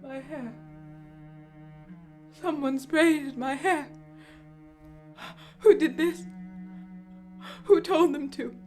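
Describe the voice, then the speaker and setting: A woman's voice: high-pitched, fairly even intonation, measured pace, pauses often, faint music behind. An actress playing a frail, despairing queen in a stage drama, speaking in a faint, strained lament. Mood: anguished.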